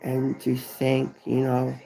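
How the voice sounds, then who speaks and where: Grieving gravelly-voiced man in his thirties. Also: mid-range voice, monotone, slow pace, warm tone, faint music behind, low-quality recording. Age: 30s. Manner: rambling, profane, repeats himself. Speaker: vlogger. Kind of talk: emotional live stream talk.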